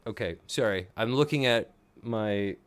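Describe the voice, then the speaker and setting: Man, deep voice, tired late-night host, excitable fan, live reaction commentary. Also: a little slow, smooth. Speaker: show host.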